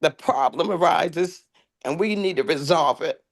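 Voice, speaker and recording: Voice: medium pitch, a little slow. A transit union member giving emotional, impassioned testimony at a public hearing, near tears. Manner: impassioned, pleading.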